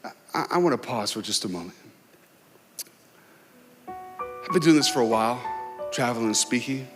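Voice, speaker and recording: A man giving an emotional, dramatic inspirational talk as a guest speaker before a large crowd, telling a story with pauses and swells. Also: mid-range voice, expressive. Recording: long hall reverb, faint music.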